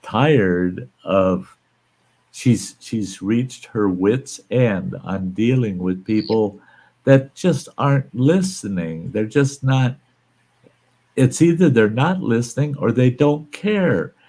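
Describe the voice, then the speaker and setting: A man's voice: mid-range voice, expressive, slow pace, warm tone. A man in his sixties hosting a casual live-stream chat, emphatic and rising into exclamations when worked up. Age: 60s. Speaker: host.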